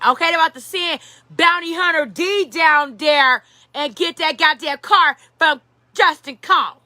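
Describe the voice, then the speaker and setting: A woman giving casual celebrity-gossip commentary, profane and animated, rambling with lots of fillers. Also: sits high, no echo. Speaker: commentary vlogger.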